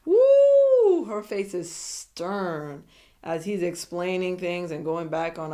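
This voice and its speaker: A woman's voice: lowish voice, sing-song, takes it slowly, mellow. A young woman recapping a reality show in a sassy, opinionated casual commentary, full of asides.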